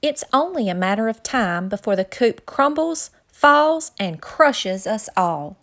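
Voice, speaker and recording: A woman's voice: on the high side, lively intonation, measured pace, fairly bright tone. A woman voicing a panicky little chicken. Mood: fearful. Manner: frantic, shrieking alarm.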